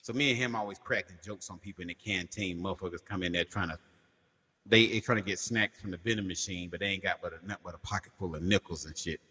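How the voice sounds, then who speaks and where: A man co-hosting a podcast, telling animated, profane stories and laughing often in casual chat. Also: deep voice, fast, slightly rough, long reverb tail. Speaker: podcast co-host.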